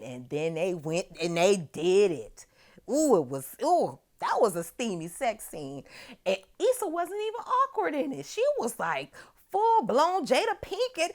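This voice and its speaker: Animated woman hosting a chatty TV recap. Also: medium pitch. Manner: animated, chatty, swears freely. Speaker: host of a TV recap show. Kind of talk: casual TV episode recap.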